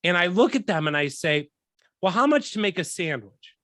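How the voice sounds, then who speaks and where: Bright, animated young man ranting. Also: high-pitched, normal speed, no room sound, studio quality. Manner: profane, animated, acts out quoted lines. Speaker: podcast host. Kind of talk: casual storytelling rant.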